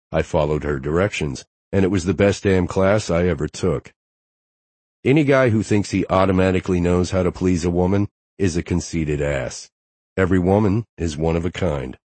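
A man reads first-person audiobook narration in a measured, even manner. His voice sits very low. The recording is dry and close, with no room sound. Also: slightly rough, no room sound.

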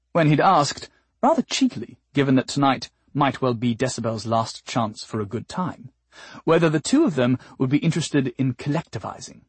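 A man narrating an audiobook in a wry, deadpan storytelling manner. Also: medium pitch, husky, no echo.

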